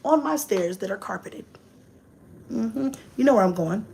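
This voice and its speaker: A young woman, telling a story in a casual vlog, expressive and swearing freely. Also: moderate pace, gravelly, noisy background. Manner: expressive, swears freely, swings from low asides to shrieking and laughing. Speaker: vlogger.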